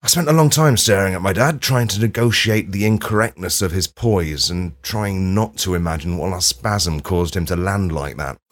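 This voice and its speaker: A man hosting a podcast, delivering a dry, self-mocking comic monologue with sudden loud outbursts. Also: deep voice, normal speed, few pauses. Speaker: podcast host. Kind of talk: comedic monologue.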